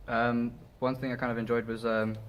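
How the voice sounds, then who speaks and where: A man's voice: mid-range voice, little pitch movement, a little fast, a little hiss or hum. A man drama student talking in a casual group discussion, hesitant, with many ums.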